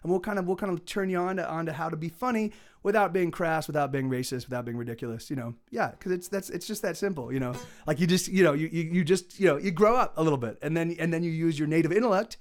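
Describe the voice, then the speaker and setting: Rambling musician chatting over guitar music. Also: male voice, fairly high pitch, fast talker. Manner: rambling with many restarts. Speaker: musician streaming live. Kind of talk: casual chat between songs. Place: home streaming setup.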